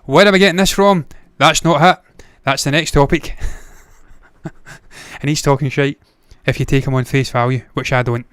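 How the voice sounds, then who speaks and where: At a normal speed, this movie news livestream host speaks in a slightly high, a bit bright and smooth voice with fairly even intonation. His casual commentary features blunt, opinionated takes and frequent swearing, in clean studio sound with no room sound.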